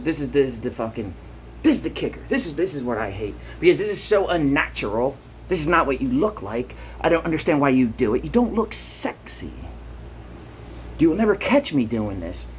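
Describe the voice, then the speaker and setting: A man's voice: on the high side, slight background noise. A man vlogging in a blunt, profane rant, getting worked up as he talks. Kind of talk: casual rant to camera.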